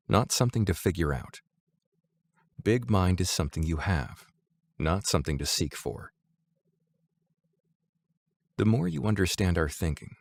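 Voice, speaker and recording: A man with a very low, gravelly voice reads spiritual teachings aloud. His delivery is measured and deliberate, but his pitch rises and falls in a lively way. The sound is dry and close, with no room echo. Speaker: narrator reading Zen teachings. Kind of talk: audiobook-style reading of a spiritual text.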